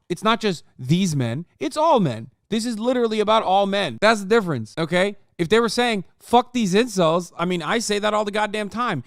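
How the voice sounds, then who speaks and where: In a clean studio recording with no echo, a man in his thirties with a high voice reacts to a video. He rants heatedly and jokes sarcastically, swearing often, in casual reaction commentary.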